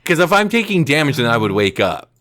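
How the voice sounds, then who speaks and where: A man co-hosting a podcast, playing through a survival scenario in casual chat and thinking out loud. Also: mid-range voice, fast. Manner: animated, thinks aloud, reads web pages out. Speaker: podcast co-host.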